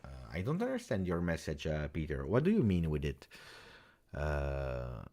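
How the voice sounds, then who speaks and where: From a home streaming setup in Belgium, a man with a rumbling low voice hosts a live football reaction stream at normal speed. He reads viewer comments and thinks aloud animatedly, dropping in lots of "uh" and tag-question "eh?"s.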